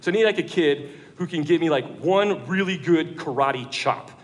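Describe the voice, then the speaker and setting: A man preaching a lively storytelling sermon to an audience in a large church room, jokey and conversational. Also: a little high, normal speed.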